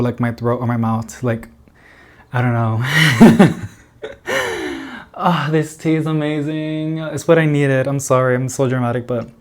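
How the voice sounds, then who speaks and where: A man's voice: mid-range voice, a little mellow. A man chatting casually to camera as a plant vlogger in an indoor plant room, rambling with lots of fillers and little laughs.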